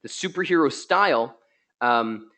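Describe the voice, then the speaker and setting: A man hosting a live software tutorial, excitable and chatty, joking with his viewers, a little tired from being ill. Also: medium pitch, measured pace. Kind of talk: live screen-share tutorial.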